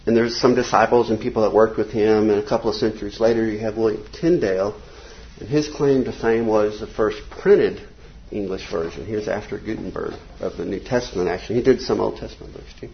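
A man teaching an informal Bible class from slides, rambling between points and reading quotes slowly and emphatically. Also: fairly low pitch, gravelly, a little hiss or hum. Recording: dull lo-fi recording.

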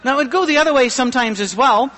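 A middle-aged man pastor giving a humorous, self-deprecating sermon with a thin, high voice. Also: very fast, sharp tone, in a large hall.

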